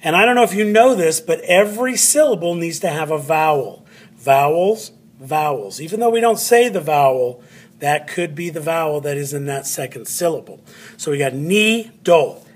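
A man's voice: fairly high pitch, lively intonation, slightly rough. A man teaching a phonics lesson at a board, repeating words and spelling them out letter by letter. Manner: slow, drawn-out words, spelling letters aloud; repeats words to stress syllables.

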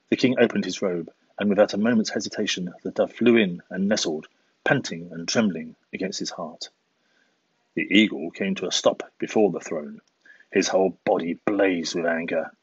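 A man tells a fable for a school assembly in a deep, husky voice, with a measured, expressive reading. The recording is dry and a little dull, with no room echo. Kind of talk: storybook reading.

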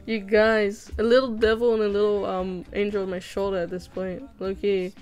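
A woman's voice: mid-range voice, little pitch movement, moderate pace, darkish tone, clear, resonant tone, low-quality recording. A young woman chatting casually on a livestream while drawing, reading chat aloud, giggling and swearing now and then. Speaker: streamer. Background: background music.

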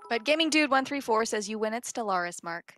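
Playful female co-host, slightly high voice, teasing, reads out chat. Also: animated, fairly quick, a bit bright, soft background music. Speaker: co-host of a game livestream. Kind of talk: casual gaming stream chat.

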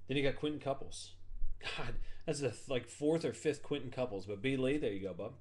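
A man's voice: medium pitch, a little fast, darkish tone. A man hosting a sports card break, chatting casually and calling out each card for the buyers, joking as he goes.

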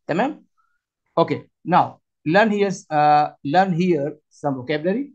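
A man teaching a spoken language lesson, with slow, repetitive, halting phrasing. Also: fairly high pitch. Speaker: Arabic teacher. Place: Qatar.

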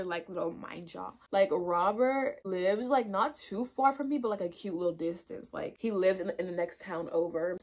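A woman vlogger chatting through a storytime while getting ready, swearing freely and acting out what people said. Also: medium pitch. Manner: animated, swears a lot, acts out quotes. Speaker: beauty vlogger.

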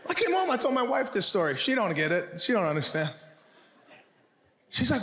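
High-voiced male comic, echoey stage. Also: very animated, moderate pace, a bit bright. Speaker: stand-up comedian. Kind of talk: stand-up set. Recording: echoey stage with audience noise.

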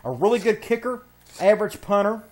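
A man's voice: high-pitched, animated, a little fast, a little mellow. A man giving casual, laid-back commentary on a video game, thinking aloud as he browses menus and plays.

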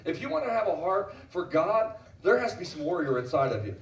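Heard from a distance in roomy audio, a middle-aged man preaches as pastor in a church sanctuary. His high voice is sing-song and a little fast, and he emphatically repeats phrases while questioning the congregation.

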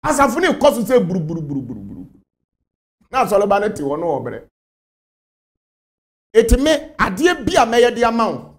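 Animated high-voiced Ghanaian man preaching. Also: fairly quick, long pauses. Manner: animated, emphatic, repeats phrases. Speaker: spiritual leader. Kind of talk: interview answers.

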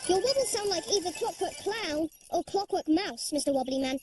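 Cheerful cartoon toy boy, very high voice, lively swoops, eager and helpful, music under. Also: brisk. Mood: upbeat. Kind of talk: animated children's cartoon dialogue. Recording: music playing loudly underneath.

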